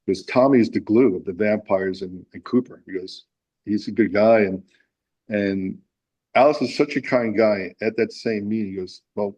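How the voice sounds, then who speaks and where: A man's voice: fairly low pitch, moderate pace, a little mellow, poor audio. A man guest in a casual interview, telling a story with lots of fillers and acted-out quotes. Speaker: musician guest.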